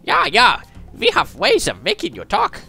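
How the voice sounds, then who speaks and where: A man's voice: very high-pitched, huge pitch swings, normal speed, vocal fry, pushed and bright, faint music behind, voice pushed up, exaggerated voice. A man voicing a parrot that squawks and mimics a mad scientist with a mock German accent. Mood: squawking, theatrical.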